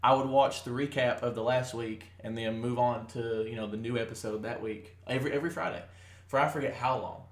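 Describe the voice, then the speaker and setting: A young man chats loosely on a podcast, stacking fillers and restarting his sentences. His voice sits at a middle pitch, and the recording picks up plenty of room echo. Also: fairly even intonation, fairly quick. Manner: rambling, many fillers and restarts. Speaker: podcast co-host. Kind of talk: casual chat.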